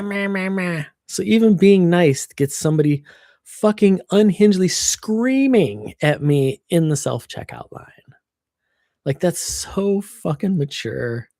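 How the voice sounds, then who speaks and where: A woman's voice: sits low, dark tone, no echo, clean studio sound. A woman chatting casually on a livestream, venting and swearing freely into her computer microphone.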